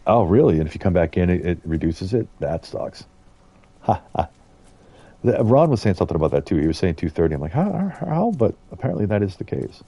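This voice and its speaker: A man's voice: deep voice, expressive, fast talker, few pauses, warm tone, husky, dry recording. A middle-aged man from the United States giving rambling, casual commentary as he streams a game and chats to viewers. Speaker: gaming streamer.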